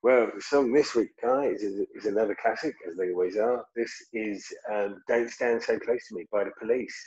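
A man's voice: lowish voice, moderate pace, darkish tone, slightly rough, muffled recording. A man co-hosting a music podcast, joking and rambling in casual chat. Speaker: podcast co-host.

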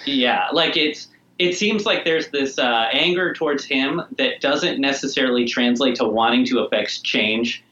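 A man co-hosts a casual podcast chat in a deadpan, joking way. His voice echoes around a roomy space. The audio is muffled and dull. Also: mid-range voice, measured pace. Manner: deadpan, mock-corporate jokes. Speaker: podcast co-host.

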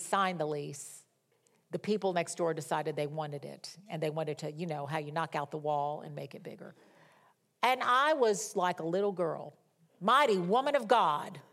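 A middle-aged woman preacher reading scripture and telling a humorous personal story in a lively sermon. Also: medium pitch, moderate pace.

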